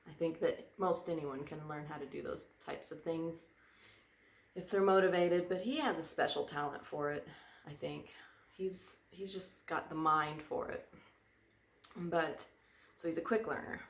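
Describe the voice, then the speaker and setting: A woman's voice: sits low, steady tone, a little slow, roomy sound. A woman vlogger chatting casually, rambling and drifting onto tangents. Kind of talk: casual chat. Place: indoor room by a fireplace.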